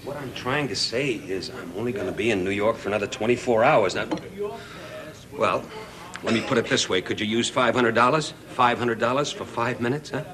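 A man's voice: medium pitch, fairly quick, crowd noise, close to an everyday voice. An actor playing a rich, lonely middle-aged father in a sitcom, pleading with his estranged son over the phone and then covering it with forced bluster. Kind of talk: sitcom acting. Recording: studio audience laughter.

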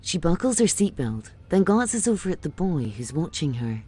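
A woman reading scripted audio description of a film, calm and even. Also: fairly low pitch, normal speed, slight background noise.

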